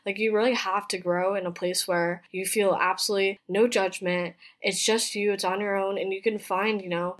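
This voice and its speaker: A woman in her twenties hosting her own podcast, talking in a chatty, heartfelt way, full of "like" and "you know.". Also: medium pitch. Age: 20s. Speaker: podcast host. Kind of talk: casual personal podcast monologue. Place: apartment room in a city.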